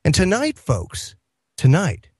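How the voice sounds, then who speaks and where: A man hosting a talk radio show, in casual, animated banter with his co-hosts. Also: fairly high pitch, takes it slowly, breathy edge, no echo, clean studio sound. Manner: animated, exclaiming, laughs easily.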